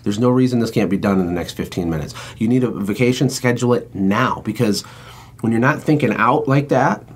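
A man hosting a podcast, an entrepreneur talking in an energetic, emphatic, motivational way. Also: mid-range voice, a little fast, breathy edge. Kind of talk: casual chat.

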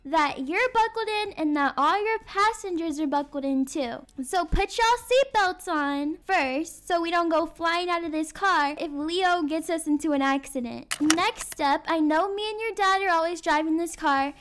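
High-pitched young woman, role-play mom, bossy and instructive. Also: normal speed, few pauses, a bit bright. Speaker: roleplay narrator playing a mother. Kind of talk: game role-play voice acting.

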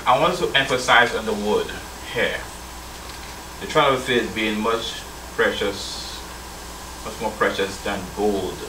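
A man's voice: fairly low pitch, noisy background. A male church elder preaching a sermon, reading scripture aloud and calling his listeners brethren while prompting their answers. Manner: addresses listeners as brethren, asks call-and-response questions. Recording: roomy sound from a distant mic.

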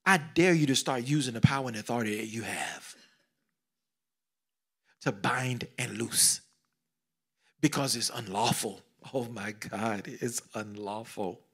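A middle-aged man preaching a sermon, swinging between loud exclamations and hushed whispers, repeating phrases and calling out questions to the congregation. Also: medium pitch, unhurried, long pauses, husky. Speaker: pastor.

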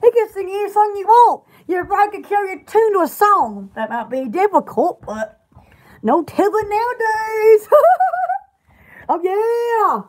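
Her voice is very high and she speaks at a measured pace. She's an online shop host running a casual live sale of bath products, chatty and giggly as she rambles between product lists.

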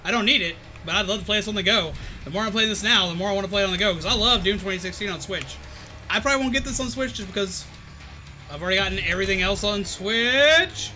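A man's voice: high voice, fast talker, sharp tone. A man streaming a game, chatting playfully, talking to enemies and making sing-song noises. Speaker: gaming streamer. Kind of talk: casual gameplay commentary. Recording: game music behind the voice.

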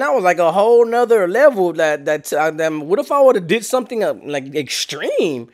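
Young guy telling a wild story, slangy and animated, kinda high voice, does all the sound effects himself. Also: normal speed. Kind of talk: casual storytelling.

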